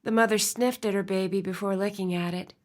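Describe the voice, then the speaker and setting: Expressive woman audiobook narrator, storytelling voice, soft in tender moments. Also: mid-range voice, a little fast. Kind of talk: scripted narration.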